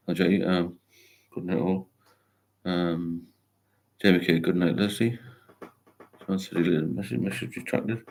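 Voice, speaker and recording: An older man hosts a casual sobriety livestream, rambling while he reads viewer comments aloud and encourages people in reply. His voice is low, a bit mellow, and has vocal fry.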